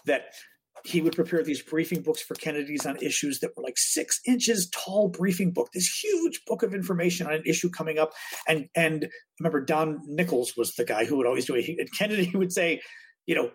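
Animated husky-voiced podcast co-host. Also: medium pitch, brisk. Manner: animated, exasperated, swears. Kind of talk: casual political chat.

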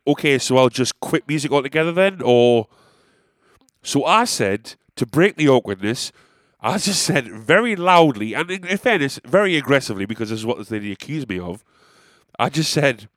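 A man's voice: medium pitch, no echo, studio quality. A young man, a musician, telling a rambling, self-deprecating story in casual monologue.

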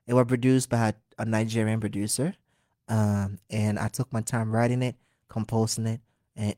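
A man in his twenties from Liberia, a singer talking as a guest in a casual interview, animated and earnest, laughing often. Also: on the low side, dry recording, studio quality. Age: 20s.

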